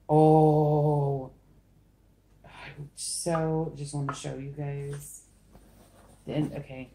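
A woman who does acrylic pours chats casually and self-deprecatingly to the camera as she pours paint, giggling often. Her voice is low and dark at a moderate pace, recorded in an echoey room with slight background noise.

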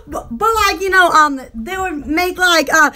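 A woman hosting a casual live stream for her online shop, excitable and giggly, with frequent squeals and exclamations. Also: extremely high pitch, a little slow. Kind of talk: casual live-stream chat and product selling.

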